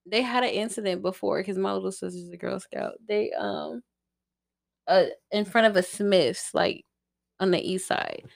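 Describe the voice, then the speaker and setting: Gravelly young woman telling stories. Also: medium pitch, normal speed. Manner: animated storyteller, acts out quotes. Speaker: podcast co-host. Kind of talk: casual group chat.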